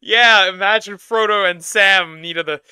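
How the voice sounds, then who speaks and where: Male streamer reacting, rambly, smooth clear voice, bit high. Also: measured pace, sharp tone, dry recording, studio quality. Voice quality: rambling, self-interrupting, laughs often. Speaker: reaction video host. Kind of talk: casual reaction commentary.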